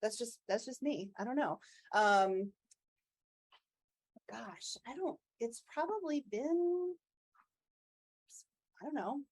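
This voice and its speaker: A woman's voice: a little high, expressive, darkish tone, breathy edge. Chatty, reflective woman co-host. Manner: open, reflective and chatty, quick to laugh. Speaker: podcast co-host, agile coach. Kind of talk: casual chat.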